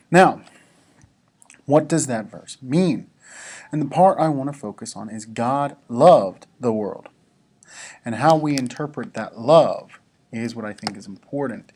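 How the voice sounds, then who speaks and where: Slow, easygoing male devotional speaker. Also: mid-range voice, a little mellow, breathy edge. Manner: conversational, with casual asides to the students. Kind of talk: devotional talk to students.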